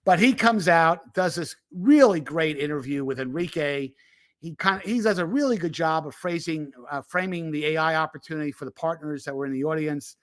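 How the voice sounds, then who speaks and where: A man hosting a tech podcast in casual chat, talking in an animated way with lots of fillers and restarts. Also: fairly high pitch, brisk, no echo. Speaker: podcast host and tech analyst. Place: remote recording.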